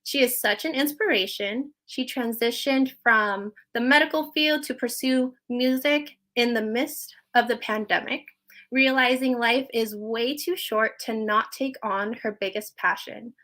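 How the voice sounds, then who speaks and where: A woman's voice: fairly high pitch, measured pace, pushed and bright. A woman co-hosting a livestream event, upbeat and gushing as she reads a fun fact and introduces an act. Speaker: event co-host.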